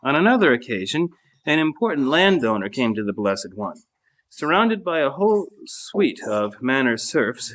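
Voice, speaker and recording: A man reading a saint's life aloud in a monastery refectory at mealtime, measured and even, with small slips. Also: fairly high pitch. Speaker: reader. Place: monastery refectory during a meal.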